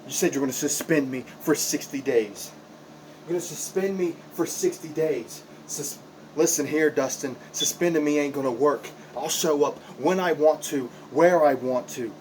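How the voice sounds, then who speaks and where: A man's voice: a little high, normal speed, darkish tone, a little hiss or hum, poor audio. Impassioned man cutting a wrestling promo. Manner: impassioned, repetitive, confrontational. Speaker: backyard wrestler.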